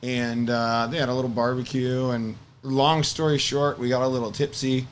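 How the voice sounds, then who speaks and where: A man spinning a story from his own life in a loose, casual way, slipping into the voices of others as he goes. His pitch sits in an ordinary middle range, with a faint noise underneath the recording. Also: normal speed. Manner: animated, acts out quoted voices. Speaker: podcast guest.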